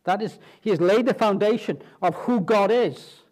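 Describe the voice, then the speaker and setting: Male preacher, slightly high voice, building to emphatic peaks, trailing off low at ends of phrases, asks rhetorical questions. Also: moderate pace, darkish tone, breathy edge. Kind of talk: sermon.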